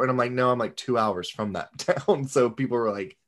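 A man's voice: medium pitch, brisk. A young American man hosting a podcast, chatting playfully and laughing a lot. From United States. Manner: giggly, playful, animated storytelling. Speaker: podcast host. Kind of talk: casual chat.

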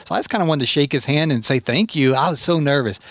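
Animated storytelling man, dry close sound. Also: a little high, fast, no room sound. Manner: animated storyteller, acts out quotes. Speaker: podcast host. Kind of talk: casual chat.

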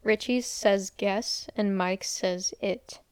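In a clean, dry studio recording with no room sound, a young woman speaks slowly in a clear, resonant, mid-range voice with a steady tone. As a podcast co-host, she casually retells a movie's scenes, quoting lines and using "like" often.

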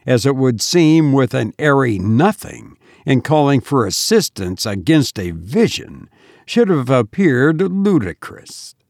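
A man reading a first-person gothic story aloud in a measured, solemn manner. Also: medium pitch, vocal fry, no echo, studio quality. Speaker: audiobook narrator.

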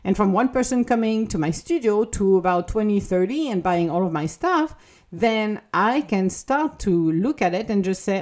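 A woman's voice: medium pitch, expressive, normal speed, a little mellow. A woman giving an earnest motivational monologue, speaking English as a non-native with a plain, encouraging manner. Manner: earnest, encouraging, acts out little quoted dialogues.

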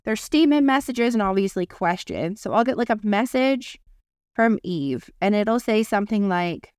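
A woman's voice: medium pitch, expressive, moderate pace, a little mellow, clear, resonant tone, dry recording, studio quality. A woman co-hosting a podcast in casual chat, rambling and searching for words, with some casual swearing. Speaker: podcast co-host.

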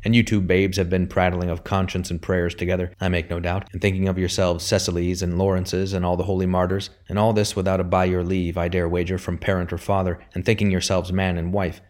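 A scornful older father sneers and mocks in a deep, low voice, as a man reading a storybook puts him on. His words are bitter and cutting, thick with contempt. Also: level tone, brisk, few pauses, darkish tone, lightly acted. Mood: sneering.

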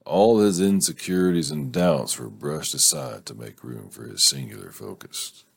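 A man with a very low, gravelly and husky voice reads a romance novel aloud at an unhurried pace. He breaks off again and again to laugh, swear and riff on the story in a casual way. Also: expressive, no echo. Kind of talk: casual read-aloud with commentary.

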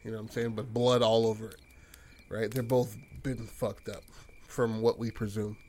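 A man's voice: on the low side, level tone, moderate pace, darkish tone. A man casually telling a rambling horror story idea to a friend, full of fillers and swearing. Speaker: podcast co-host pitching a horror story.

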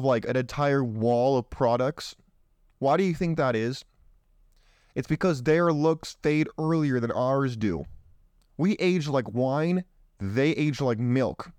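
A young man with a smooth, fairly high voice talks bluntly through a list on dating, throwing out provocative opinions as a show host. The sound is dry and close, with no room around it. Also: darkish tone, no room sound. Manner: blunt, provocative, slips into mocking voices for others. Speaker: podcast host. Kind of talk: opinionated commentary reading a list.

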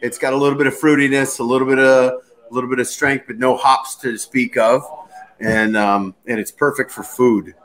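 A man co-hosting a casual beer chat as the bar owner, relaxed and explaining things with easy humor. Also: medium pitch, normal speed.

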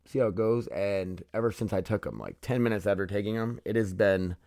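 A man's voice: on the low side, animated, brisk, warm tone, no echo, clean studio sound. Sleepy, swearing podcast host guy. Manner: profane, loose, repeats "you guys" and "dude". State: sleepy, yawning. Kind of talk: casual rambling chat.

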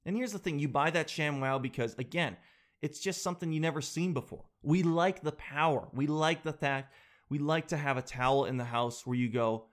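Man, slightly high voice, comedic rant, exaggerated, self-mocking, lively storytelling. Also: normal speed.

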